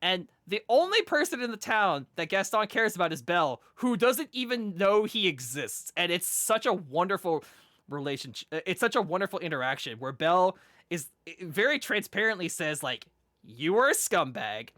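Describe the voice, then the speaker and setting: A man co-hosting a casual podcast chat, rambling excitedly with lots of fillers and restarts. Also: high voice, moderate pace, dry recording, clean studio sound. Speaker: podcast co-host.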